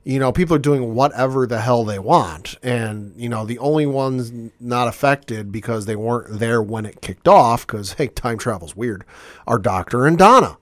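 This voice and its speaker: A man on a podcast panel, talking through a TV episode in a loose, rambling recap full of fillers and paraphrase. His voice sits at an ordinary middle pitch. The sound is dry and close, with no room echo. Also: normal speed. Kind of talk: casual chat, episode recap.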